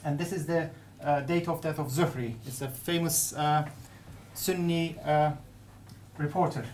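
A woman giving a conference paper presentation, speaking haltingly with many restarts and fillers. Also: low voice, steady tone, darkish tone, a little hiss or hum. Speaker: academic presenter.

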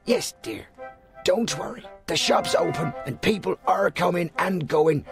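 A man's voice: sits high, a little slow, creaky, music in the background. An actor dubbing an anxious man who soothes and reassures the person he talks to while hiding his own troubles. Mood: reassuring. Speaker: shopkeeper. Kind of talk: dubbed film dialogue.

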